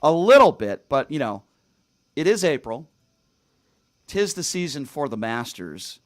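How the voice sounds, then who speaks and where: A man's voice: medium pitch, sing-song, a little slow, dry recording. A man hosting a studio talk show, talking emphatically with lots of fillers and restarts. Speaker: radio talk show host. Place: radio studio.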